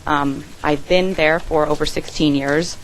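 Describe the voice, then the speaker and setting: A woman's voice: low voice, steady tone, a little slow, a little hiss or hum, low-quality recording. A woman from a visitors bureau giving earnest testimony at a public hearing. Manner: earnest, slightly emotional. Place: hearing room.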